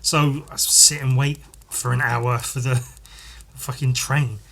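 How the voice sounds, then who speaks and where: A man's voice: mid-range voice, level tone, slow, vocal fry, fairly bright tone. A man hosting a podcast, telling a story casually, rambling, swearing often and laughing at himself. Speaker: podcast host.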